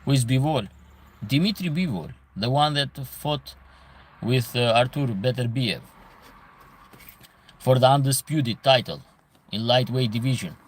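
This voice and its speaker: This host, a man with an Albanian accent, responds to viewer comments in casual live commentary using a mid-range voice with lively intonation. He's unhurried, leaves long pauses, and emphatically repeats phrases for stress.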